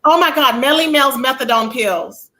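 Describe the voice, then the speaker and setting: Hosting her own livestream, a sassy woman chats casually and reads out what her viewers comment. She speaks at a moderate pace in a high, bright, forceful voice, and the audio is poor.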